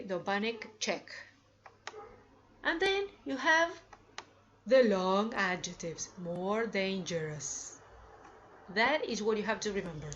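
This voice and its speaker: A woman's voice: medium pitch, muffled recording. A woman teaching English comparatives, drawing out her examples and cheerfully prompting her students. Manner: slow, drawn-out examples with upbeat prompts. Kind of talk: grammar lesson.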